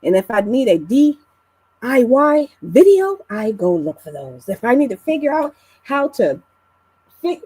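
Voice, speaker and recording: A woman's voice: slightly rough, no echo, rough recording. A woman on a live online panel, chatting casually in a teasing, blunt way with some swearing. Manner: animated with big pitch swings. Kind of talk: casual live-stream chat.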